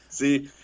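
A man co-hosting a podcast in casual chat, rambling with many fillers and quick giggles. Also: warm tone, highs cut off. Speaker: podcast co-host.

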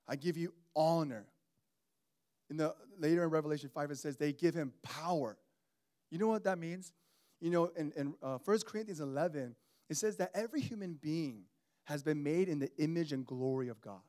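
Animated high-voiced male preacher. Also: normal speed. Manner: animated, conversational preaching with call-outs to the congregation. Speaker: pastor. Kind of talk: sermon.

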